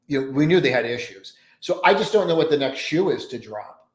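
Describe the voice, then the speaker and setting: A man's voice: medium pitch, animated, a little fast. Rambling man thinking aloud, roomy sound. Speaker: trading livestream host. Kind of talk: live pre-market commentary. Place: home trading desk with many monitors. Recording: roomy echo.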